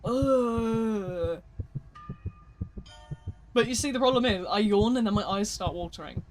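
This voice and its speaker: Live game streamer, sleepy and yawning throughout, chatty slang, self-deprecating rambles, mid-pitched voice. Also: quick pace, slight background noise. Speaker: gaming livestreamer. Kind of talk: casual livestream chat while playing.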